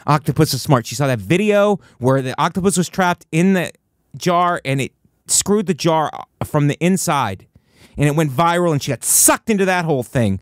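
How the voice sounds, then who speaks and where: A high-voiced man rants in a comic monologue, getting mock-indignant and acting out the other person's lines. The sound is dry and close, with no room around it. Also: a little fast, no room sound. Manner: animated, mock-indignant, acts out quotes.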